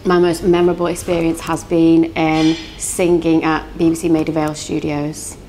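A young woman with a London accent, a singer and songwriter chatting as an interview guest, quick-talking and giggly. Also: deep voice, level tone, dark tone, slight background noise. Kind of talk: casual interview chat.

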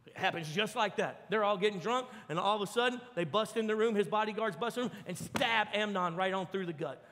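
A man preaching a sermon, telling the story with lively acted-out voices. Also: sits high, fairly quick, in a large hall, a little hiss or hum. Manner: animated storytelling, acts out voices. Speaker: pastor. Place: church.

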